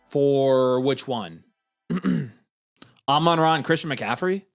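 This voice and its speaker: Excitable man, lively voice. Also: mid-range voice, slow, soft background music. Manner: excitable, incredulous, joking. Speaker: podcast co-host. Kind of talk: live fantasy football Q&A chat.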